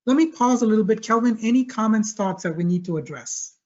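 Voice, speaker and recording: A man with a high voice presents a webinar over a video call, speaking with energy and stressing his points by repeating them. The call audio sounds a little dull and lo-fi. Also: brisk. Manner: energetic, emphatic, repeats key phrases.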